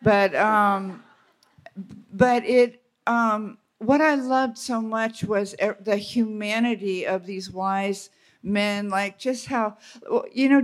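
A woman telling a candid, self-deprecating story on stage at a live retreat, halting with restarts. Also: medium pitch. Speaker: retreat speaker.

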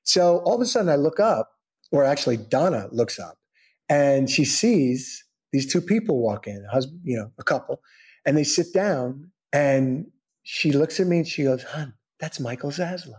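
An older man, an actor telling a lively anecdote in a casual interview, acting out the people he quotes with sudden jumps into high pitch. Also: moderate pace. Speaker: actor guest.

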